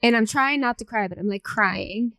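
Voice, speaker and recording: A woman moderating a panel who tells stories in a chatty, lively way with many fillers. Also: a little high, normal speed, no room sound. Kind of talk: panel storytelling.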